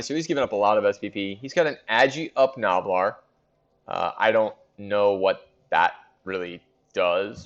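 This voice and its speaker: A man's voice: medium pitch, highs cut off. A man hosting a casual recap of a league in a fantasy sports board game, chatting and thinking aloud with fillers.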